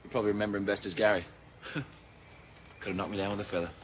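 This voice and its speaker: An actor playing an easygoing young man, a devoted son who talks in a chatty, gently coaxing way. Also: fairly low pitch, little pitch movement, rapid-fire, a little hiss or hum, natural voice. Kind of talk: film acting.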